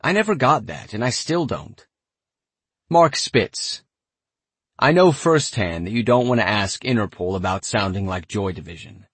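Lively, husky male audiobook narrator. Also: on the low side, measured pace, no room sound. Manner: conversational, reads each quote like casual speech. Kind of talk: audiobook reading of oral history quotes.

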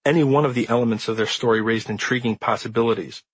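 A man reading the introduction to his own nonfiction book as an audiobook, in measured, earnest storytelling. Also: medium pitch, fairly even intonation, slightly rough, dry recording, poor audio. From Midwestern United States. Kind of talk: audiobook narration.

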